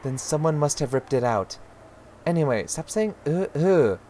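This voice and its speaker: A man's voice: medium pitch, animated, normal speed, slight background noise, natural voice. A man voicing an irritated mother who scolds her daughter with growing exasperation. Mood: scolding. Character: irritated mother, sharp, losing patience. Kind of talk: reading a visual novel aloud.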